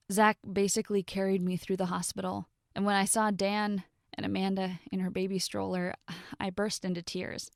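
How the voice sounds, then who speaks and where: Expressive young woman narrating a story. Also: mid-range voice, gravelly, no room sound, studio quality. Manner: expressive, sarcastic asides.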